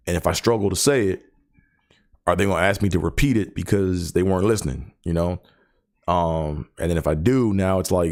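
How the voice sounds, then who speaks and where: Guy with a real low voice rambling on his own show, lots of um and like, repeats words, stutters. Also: darkish tone. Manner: person who stutters. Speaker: podcast host. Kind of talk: casual solo chat.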